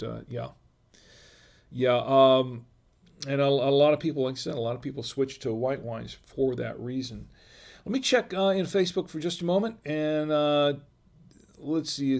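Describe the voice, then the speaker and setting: A middle-aged man hosts a wine livestream in a medium-pitched, gravelly, darkish voice. His casual talk rambles with many restarts and fillers, and he reads viewer comments aloud.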